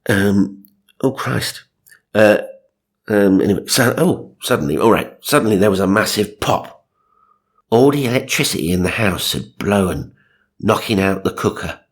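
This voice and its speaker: Male narrator, low and husky, dry comic asides. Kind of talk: comic reading of magazine stories.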